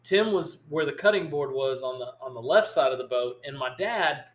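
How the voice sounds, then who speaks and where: A man hosting a podcast, telling a long fishing story in an animated, rambling way. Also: mid-range voice, normal speed. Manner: animated, rambling storyteller who acts out quotes. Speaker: podcast host. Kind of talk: casual storytelling chat. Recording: echoey room.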